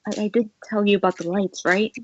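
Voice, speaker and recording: A woman playing her character in a tabletop game, speaking hesitantly with many pauses and fillers. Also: mid-range voice, steady tone, darkish tone, muffled recording, slight background noise. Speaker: player.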